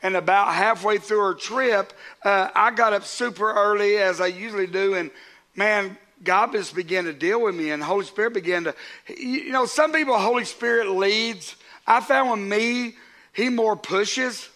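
A man's voice: high-pitched, moderate pace, bright, forceful tone. A man, a pastor preaching a sermon to his congregation in a conversational way, with asides to the crowd.

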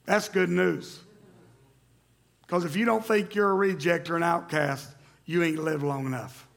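A man preaching a sermon in church, reading Scripture and calling out loudly to the congregation. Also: fairly high pitch, measured pace, gravelly. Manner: animated preaching, rising to loud emphatic calls to the congregation. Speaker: pastor. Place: church sanctuary.

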